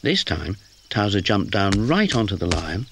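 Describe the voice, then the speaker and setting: Slow, expressive storyteller man. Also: on the low side, noisy background. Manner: gentle, expressive. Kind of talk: storybook narration. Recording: music behind.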